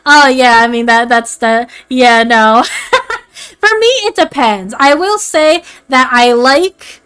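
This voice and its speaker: High-voiced rambling woman streamer. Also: slow, clear, resonant tone. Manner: rambling and animated, heavy filler words, frequent swearing and laughter. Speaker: VTuber streamer. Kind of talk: casual livestream chat.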